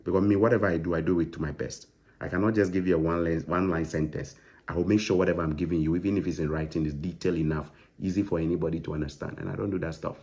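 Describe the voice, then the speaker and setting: A man's voice: low voice, steady tone, rapid-fire, dark tone, slightly rough, highs cut off. A man on a live stream, answering viewer comments in a stern, emphatic, lecturing way with lots of repetition. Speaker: online content creator answering viewers.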